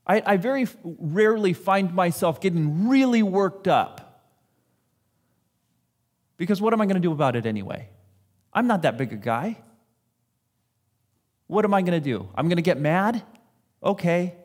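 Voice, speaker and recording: A man's voice: high-pitched, big pitch swings, normal speed, pauses often, darkish tone. A man giving a sermon in a conversational, self-deprecating way, acting out what people say. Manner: conversational, self-deprecating preaching with acted-out quotes. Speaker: pastor.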